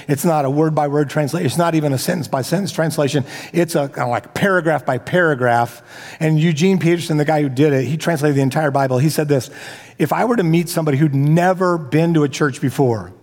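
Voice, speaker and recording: A man's voice: on the high side, a little mellow. A man preaching a sermon as pastor, talking casually with joking asides and frequent restarts. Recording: long hall reverb.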